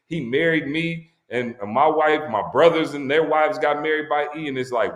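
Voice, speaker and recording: A man's voice: on the high side, normal speed, hardly any pauses, echoey room. A man telling a heartfelt story about a friend on a live stream, emphatic and slangy. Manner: emphatic, slangy storytelling, voice climbs when excited. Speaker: guest speaker at a launch stream.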